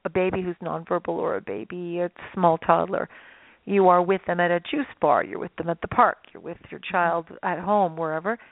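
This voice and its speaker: A woman's voice: lowish voice, normal speed, gravelly, dry recording. A woman guest expert telling stories in a radio interview, acting out little voices as she explains. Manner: animated storyteller, acts out voices. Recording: dry, phone-like line.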